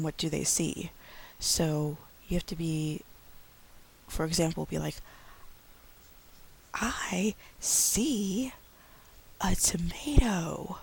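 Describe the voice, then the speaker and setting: A woman in her thirties, an online English teacher, giving chatty tips in a casual vlog with many fillers, slowing down to model speech for young learners. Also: sits low, creaky. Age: 30s.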